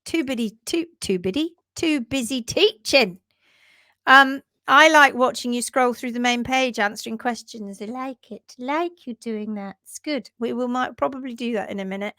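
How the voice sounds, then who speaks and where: A woman's voice: on the high side, moderate pace, bright, forceful tone, no room sound. A woman hosting a casual livestream, upbeat and chatty, reading out viewer comments and teaching about hoof care.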